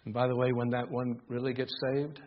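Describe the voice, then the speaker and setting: An older man preaching a sermon, reading scripture aloud and moving between hushed musing and rising, emphatic exhortation. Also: medium pitch, little pitch movement, fairly quick, lo-fi sound. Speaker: pastor.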